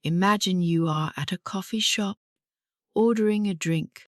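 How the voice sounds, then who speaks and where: A woman English teacher giving a scripted speaking lesson, talking clearly and encouragingly and pausing for learners to repeat. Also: medium pitch, no echo, clean studio sound. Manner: slow, clear and encouraging, with pauses for repetition.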